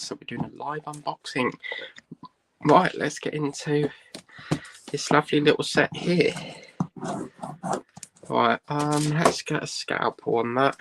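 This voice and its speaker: A man's voice: medium pitch, vocal fry, fairly bright tone, a little hiss or hum. A man hosting a casual unboxing vlog, chatting and thinking aloud with lots of "right" and "um". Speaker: host.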